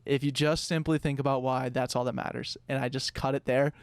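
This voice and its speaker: Smooth-voiced young man telling a story. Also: medium pitch, steady tone, brisk, no echo. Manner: rambling, uses lots of fillers, swears casually. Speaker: podcast co-host. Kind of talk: casual storytelling.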